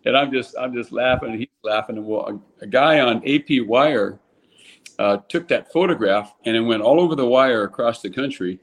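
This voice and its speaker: Older man spinning lively ballpark tales. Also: medium pitch, normal speed. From California. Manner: animated anecdote teller, lots of restarts, voices people in quotes. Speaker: guest, former ballplayer. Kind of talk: casual storytelling.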